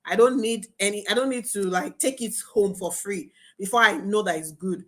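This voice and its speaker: A young adult woman teaching a marketing webinar as a coach, talking in an animated, emphatic way. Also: mid-range voice, normal speed. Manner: animated, emphatic, laughs and acts out students' voices.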